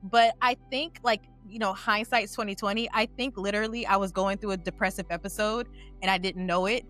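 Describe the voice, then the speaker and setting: Young woman, bright clear voice, casual chat, open and personal, lots of fillers. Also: medium pitch, fairly even intonation, a little fast, faint music behind. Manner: candid and chatty, heavy use of "like". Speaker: player and panelist on a game aftershow.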